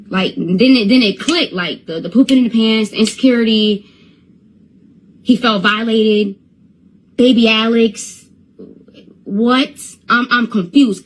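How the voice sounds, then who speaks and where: On an Instagram livestream from her phone, a woman tells her viewers a story, repeating and stumbling over words. She stutters and repeats herself when upset. Her voice is on the high side, her pace measured, with long pauses.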